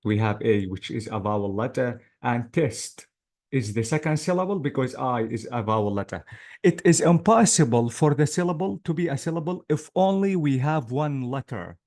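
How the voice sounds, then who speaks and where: A man's voice: medium pitch, lively intonation, brisk, darkish tone. A male English teacher giving an online class lecture, patiently drilling words syllable by syllable.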